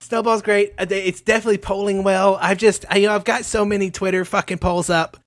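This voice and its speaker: A player in an improvised tabletop role-play game who talks in a lively, laughing way and swears often. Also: medium pitch, fast talker, no echo.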